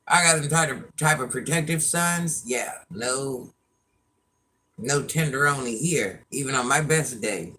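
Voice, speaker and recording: Slow-talking chatty woman telling stories. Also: rumbling low, fairly bright tone. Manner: chatty storyteller, laughs at herself. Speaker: livestream host. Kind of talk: casual livestream chat.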